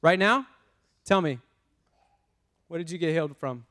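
A man preaching a lively sermon, prompting the congregation to repeat words and talking in a casual, self-interrupting way. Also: fairly high pitch, moderate pace. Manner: energetic, call-and-response with congregation. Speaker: pastor.

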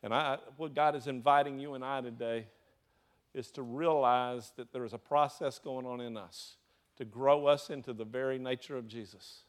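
A man's voice: mid-range voice, fairly even intonation, normal speed. A man with a Southern US accent preaching a sermon, throwing rhetorical questions to his congregation. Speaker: pastor.

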